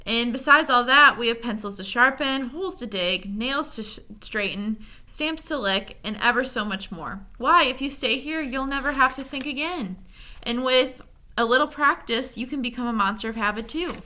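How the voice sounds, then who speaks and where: A woman's voice: fairly high pitch, moderate pace, voice pushed up. A woman voicing a scheming male demon of petty tasks, snarling and then coaxing. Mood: wheedling. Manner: snarling, then soft and wheedling.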